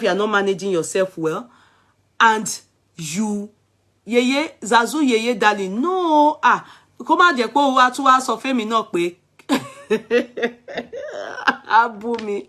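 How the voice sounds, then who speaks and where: A woman's voice: a little high, a bit bright. A woman with a Nigerian accent giving casual, emphatic celebrity commentary as a vlogger, switching freely between languages. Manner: chatty and emphatic, switches between English, Yoruba and Pidgin.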